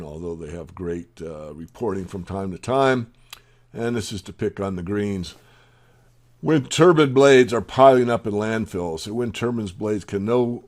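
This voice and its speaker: Very deep-voiced man reading and commenting on news. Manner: opinionated asides between read-out headlines. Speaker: newsletter host.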